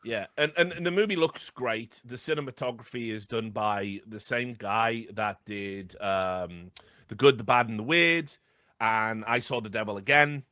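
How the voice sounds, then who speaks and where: A man's voice: fairly low pitch, moderate pace, pushed and bright, no room sound, studio quality. A man co-hosting a podcast, chatting about a film in a rambling way with lots of ums. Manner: rambling, hesitant, many fillers. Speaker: podcast co-host. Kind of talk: casual film discussion.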